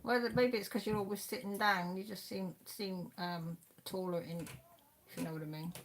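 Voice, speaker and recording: Livestream host: Welsh woman, 50s, chatty, mid-pitched, reads the chat aloud with frequent laughs. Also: fairly even intonation, normal speed, a little hiss or hum. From Wales. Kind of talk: casual chat reading viewer comments.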